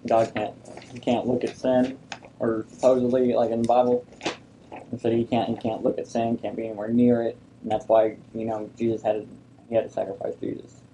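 A man taking part in a church discussion, speaking haltingly as he searches for words. His voice is gravelly and dark, with faint noise behind it. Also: medium pitch, completely flat delivery, poor audio. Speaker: discussion participant. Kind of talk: casual group discussion.

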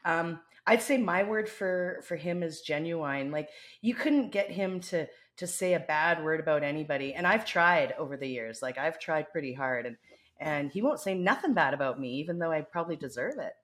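A woman's voice: low-pitched, lively intonation, moderate pace. A woman with a Canadian accent co-hosting a podcast in casual, teasing chat. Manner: teasing, chatty, many fillers. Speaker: co-host.

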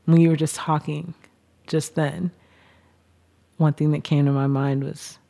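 A woman, a writer and artist, talking as a podcast guest in a reflective, thoughtful way with soft laughs between thoughts. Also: sits low, flat delivery, unhurried, creaky. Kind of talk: reflective conversation.

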